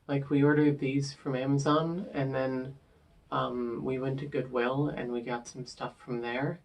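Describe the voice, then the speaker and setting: A man in his twenties talking earnestly in a casual personal vlog, soft-spoken, with frequent filler words. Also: mid-range voice, vocal fry. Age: 20s. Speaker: vlogger.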